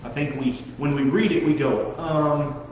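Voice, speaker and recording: A man preaching a lively sermon to young listeners, talking straight at them and acting out the voices of the people he describes. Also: on the high side, measured pace. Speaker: pastor. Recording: dull, echoey hall recording with faint noise.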